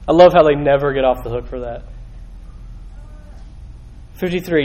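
A middle-aged male pastor giving a conversational sermon, swinging from hushed asides to raised, emphatic exclamations. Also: on the high side, very animated, a little slow, long pauses, echoey room, poor audio.

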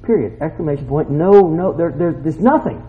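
Man preaching, lively pitch swings between shouts and hushed asides, folksy, dull lo-fi recording. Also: normal speed. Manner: animated, swings from shouted exclamations to quiet asides. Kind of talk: sermon. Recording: dull lo-fi sound.

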